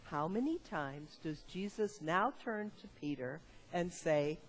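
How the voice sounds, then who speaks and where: A woman's voice: lowish voice, a little slow, slight background noise. A woman preaching a conversational sermon, asking the congregation questions. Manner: lively, conversational, asks the audience questions.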